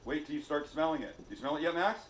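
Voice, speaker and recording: A man's voice: a little high, very fast, reverberant, a little hiss or hum. A man hosting a cooking video, chatty and jokey, poking fun at himself as he cooks. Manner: jokey, self-mocking, chatty. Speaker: cooking show host.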